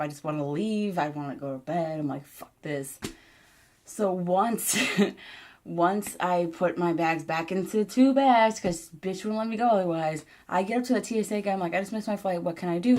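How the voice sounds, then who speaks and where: A woman's voice: deep voice, a little mellow. A young woman from Michigan telling a travel story as a casual storytime vlog, swearing often and filling her talk with "like". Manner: frustrated, profane, rambling with many "like"s. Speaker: vlogger.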